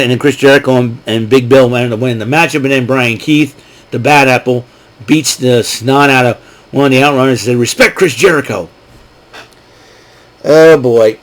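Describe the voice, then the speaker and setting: A man's voice: mid-range voice, rough recording. A man hosting his own show, recapping a wrestling event in a rambling, chatty way with lots of fillers and asides. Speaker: show host. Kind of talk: casual solo wrestling recap.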